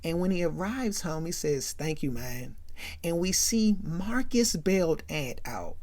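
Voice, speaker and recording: A woman's voice: on the low side, a little slow. A woman hosting a chatty, casual movie recap, often checking in with "right?". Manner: chatty, animated, keeps asking "right?". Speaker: host.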